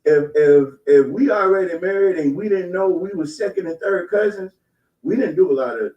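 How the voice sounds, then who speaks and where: Man ribbing his mom on a livestream, high lively voice, roomy echo. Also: moderate pace, far from the mic, dull audio. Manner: teasing, joking. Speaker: host's son. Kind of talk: casual family banter.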